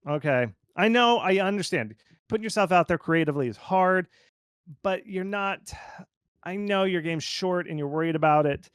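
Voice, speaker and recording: A man who is a game marketing consultant, giving casual, animated advice full of "like" fillers. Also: on the high side, moderate pace, clean tone, no room sound, clean studio sound. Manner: animated and informal, lots of fillers like "like". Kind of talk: conversational expert commentary.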